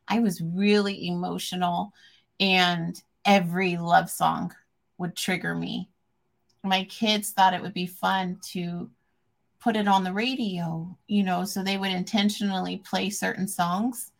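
Woman, 40s, podcast host, open and emotional, mid pitch, gravelly edge. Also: a bit bright. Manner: candid and emotional, with frequent ums and self-restarts. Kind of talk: casual chat.

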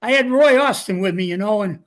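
A man's voice: high voice, a little fast. Older male guest, retired coach, folksy storyteller, chuckles often. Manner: folksy, chuckling anecdotes with quoted dialogue. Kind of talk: casual storytelling.

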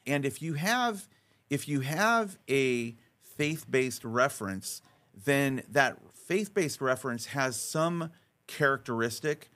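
A middle-aged man, a podcast guest, talking in an emphatic, animated way, acting out dialogue as he tells stories with frequent restarts. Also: mid-range voice, takes it slowly. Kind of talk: conversational storytelling interview.

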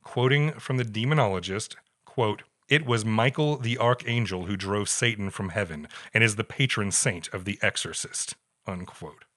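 A man's voice: on the low side, normal speed, a bit bright. A man co-hosting a podcast, telling a story in a wry, casual way and reading quotes aloud. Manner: wry, reads quotes aloud with put-on voices. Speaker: podcast co-host.

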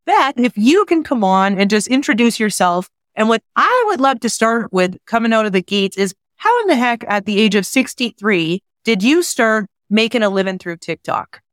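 A woman's voice: a little high, big pitch swings, moderate pace, few pauses, no room sound, clean studio sound. A woman hosting a podcast, a little teary, who introduces her guest with gushing praise. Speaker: podcast host.

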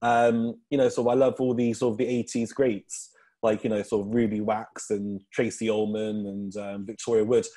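A man's voice: fairly low pitch, mellow. Rambling man, guest comedian. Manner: rambling, many ums and restarts. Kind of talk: casual interview chat.

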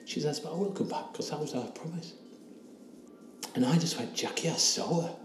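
This interview guest, a man in his 60s, has a voice on the high side with lively intonation, and faint music plays behind him. He earnestly recounts a personal story, his retelling emotional and halting, with quoted dialogue. The room echoes, with faint background hiss.

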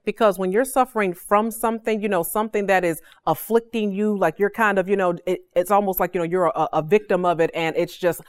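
A woman's voice: medium pitch, steady tone, a little fast, few pauses, no echo. A woman in her forties hosting a podcast, teaching a devotional in a casual, emphatic way and often checking in with "okay?".

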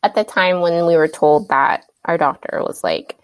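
A woman's voice: lowish voice, moderate pace, no echo. A woman guest telling a personal story in a candid, chatty way, full of "you know" and "like". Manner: candid, frequent "you know" and "like" fillers, laughs between thoughts. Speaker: interview guest.

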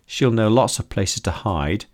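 A man voicing a gentle, motherly woman who speaks soothingly and affectionately. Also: fairly low pitch, expressive, measured pace, dry recording, studio quality. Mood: reassuring.

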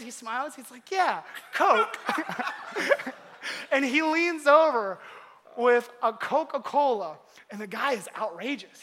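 A young man telling a story during a casual sermon, animated and full of laughs and filler words. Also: very high voice, noisy background. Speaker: youth pastor. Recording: long hall reverb.

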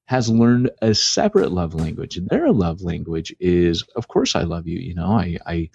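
A man's voice: deep voice, very animated, moderate pace, creaky, darkish tone, breathy edge. A man co-hosting a podcast in casual, rambling chat with lots of filler words, on dull lo-fi audio. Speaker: podcast co-host.

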